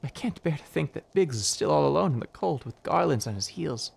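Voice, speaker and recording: A man voicing a frightened small male adventurer in a put-on Irish accent, stammering and gravelly as he reads game dialogue. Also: on the high side, animated, brisk, voice pushed up, full character voice. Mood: worried. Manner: jittery, breathless pleading. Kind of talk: voice acting a game's dialogue on a live stream.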